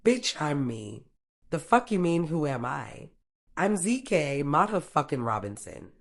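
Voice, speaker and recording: A tough, foul-mouthed young woman barks threats in a stern, low voice, as a woman narrator acts her out. She blusters and swears through the storybook scene, trying to sound fearless. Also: big pitch swings, unhurried, gravelly, full character voice. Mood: defiant, stern. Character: tough, streetwise young woman, cursing, scared but defiant.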